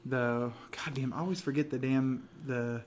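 A man co-hosting a casual gaming podcast, talking in loose run-on stretches full of restarts and quick laughs. His voice sits at an ordinary middle pitch, with a faint hiss of noise under the recording. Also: fairly even intonation. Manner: rambling, laughs often, many restarts. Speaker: podcast co-host.

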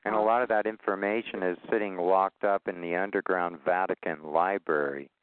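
A man's voice: sits low, steady tone, brisk, smooth, no room sound. Older man on a tinny phone line. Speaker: host of a call-in show. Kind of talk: conference call talk.

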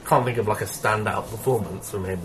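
Man, co-host, lowish voice, agreeable, casual. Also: fairly quick, low-quality recording. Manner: agreeable, frequent "yeah". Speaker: podcast co-host. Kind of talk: casual chat.

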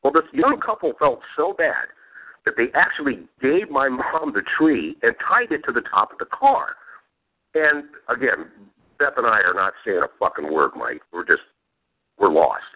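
A man's voice: mid-range voice, very animated, normal speed. A male podcast host telling profane family stories in casual chat and laughing between lines. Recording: phone-like narrow sound.

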